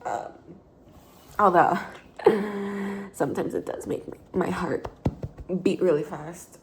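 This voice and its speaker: A tired, hungover woman in her twenties, a vlogger, chats casually while making coffee at home, rambling with plenty of fillers and self-corrections. Her voice sits on the low side, gravelly and slow, with frequent pauses. The phone is held low, and a slight hiss or hum runs underneath.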